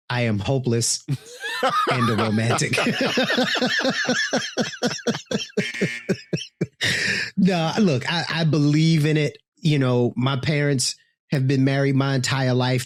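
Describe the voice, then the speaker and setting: A man's voice: medium pitch, no echo, clean studio sound. A man co-hosting a casual chat show, talking bluntly with profanity and jokes. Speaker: co-host.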